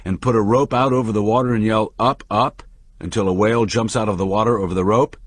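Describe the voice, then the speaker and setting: A man reading the part of a calm, patient manager who explains ideas to a younger man with lively emphasis. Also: on the low side, fast, no room sound, natural voice. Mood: patiently explaining. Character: calm middle-aged male manager, patient teacher.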